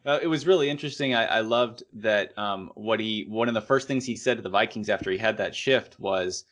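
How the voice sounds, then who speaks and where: A man co-hosting an anime podcast, chatting in a relaxed way and often chiming in with short agreements. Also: on the low side, a little fast, few pauses. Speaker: podcast co-host. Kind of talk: casual anime podcast chat.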